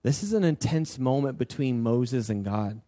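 A man preaching a sermon in a casual, animated way, acting out God's words conversationally. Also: medium pitch, moderate pace. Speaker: pastor.

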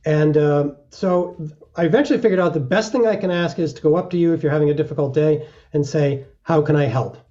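A man's voice: a little high, quick pace, dark tone, muffled recording. A middle-aged man, a mountaineer being interviewed, explaining earnestly and acting out short examples. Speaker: mountaineer guest. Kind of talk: reflective interview talk.

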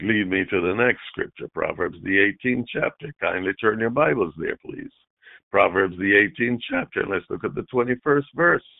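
A male preacher delivers a sermon with a lively, wide-ranging voice, jumping from shouted mimicry to quiet, low lines. The sound is thin and tinny, like a phone line, with no room echo at all. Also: moderate pace, gravelly. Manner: dramatic preaching, shifts from loud shouted mimicry to low near-whispers. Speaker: pastor.

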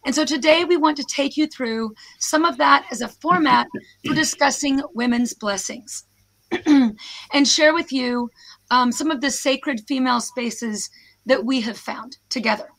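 A hoarse American woman, a professor, giving a snarky, self-deprecating presentation over a video call. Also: sits high, unhurried, fairly bright tone. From United States. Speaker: guest speaker, professor.

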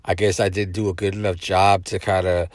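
A man with a deep, low voice speaks in a blunt, swear-heavy, rambling monologue as a podcast host, leaning on fillers and restarts. The sound is dry and close, with no room echo. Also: flat delivery, fairly quick. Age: adult parent. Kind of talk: casual monologue.

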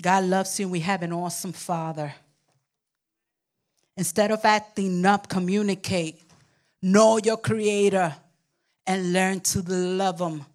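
During her sermon, an older woman who pastors a congregation calls out emphatically and gets responses back. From time to time she imitates babbling toddlers with a squeaky voice.

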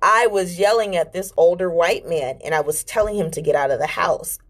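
A woman hosting a podcast, talking frankly and profanely about her spiritual journey in animated storytelling. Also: on the low side, a little fast. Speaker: podcast host. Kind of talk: casual spiritual monologue.

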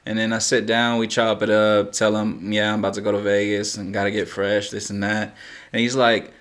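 A young man with a lowish voice tells a story in casual podcast chat. He acts out what everyone said, swears freely and laughs along the way. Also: flat delivery, brisk, a bit bright. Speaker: podcast co-host.

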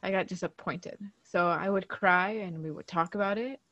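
A woman's voice: on the low side, moderate pace, bright, forceful tone, no room sound, dull audio. A woman co-hosting a casual chat, speaking frankly with laughs and casual swearing. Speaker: podcast co-host.

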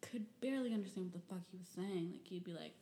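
A woman's voice: on the low side, fast talker, dark tone, echoey room. A young woman from Michigan telling personal stories and reading old diary entries in a rambling, candid way, full of fillers and the odd curse. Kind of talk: personal storytelling.

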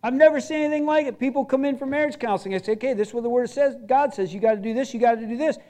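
A middle-aged man preaching a sermon as pastor, earnest, repeating short phrases and dropping from loud emphasis to a hush. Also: very high-pitched, racing.

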